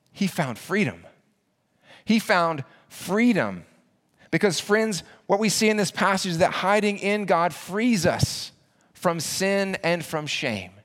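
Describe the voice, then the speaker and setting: Male pastor, earnest sermon delivery with emphatic repetition, slightly higher pitch. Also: fairly bright tone.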